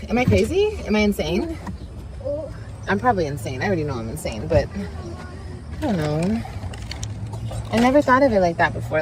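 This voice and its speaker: A mother rambles to her viewers in a casual, self-mocking vlog, cutting off now and then to tell her children to settle down. Her voice sits at an ordinary middle pitch for a woman. Loud car and road noise runs underneath the whole clip. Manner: rambling, self-mocking, scolds kids mid-talk. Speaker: vlogger mother. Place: inside a moving car.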